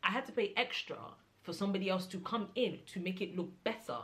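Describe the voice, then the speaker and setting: A young adult woman vlogger telling a casual story, animated and mimicking the people in it, rising to exasperated high-pitched outbursts. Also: fast talker. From Nigeria.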